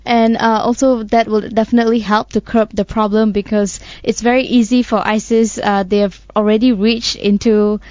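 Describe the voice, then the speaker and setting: A woman co-host, explaining news points in a measured way with small hesitations. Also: medium pitch, little pitch movement, darkish tone, no room sound. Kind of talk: casual news discussion. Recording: dull, dry studio sound.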